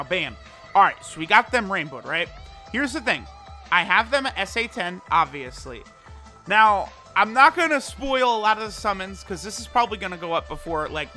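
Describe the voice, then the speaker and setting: A man's voice: high-pitched, bright, forceful tone. A young man giving casual commentary on a mobile game, chatty and loose, often tossing in "right?" and "you know.". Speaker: gaming YouTuber.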